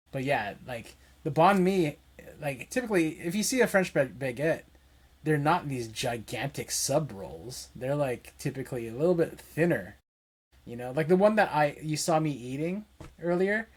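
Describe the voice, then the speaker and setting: A man's voice: mid-range voice, breathy edge. A man in casual podcast chat, rambling loosely and filling his talk with "like". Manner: rambling, full of fillers like "like". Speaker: podcast co-host.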